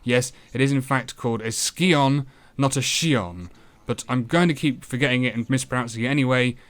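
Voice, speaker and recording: A man narrating a retro game review in a sardonic, deadpan voice, swearing freely as he picks the game apart. His pitch sits in an ordinary middle register, and his delivery stays dry and mocking throughout. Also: normal speed.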